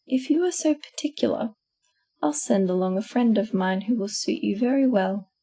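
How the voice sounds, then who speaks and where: A woman's voice: medium pitch, normal speed, breathy edge. A woman voicing a cross, scolding female magpie in a storybook reading. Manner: sharp and scolding.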